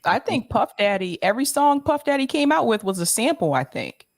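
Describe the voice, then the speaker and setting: A woman co-hosting a casual podcast chat, giggly and quick with her interjections. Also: on the high side, big pitch swings. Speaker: podcast co-host.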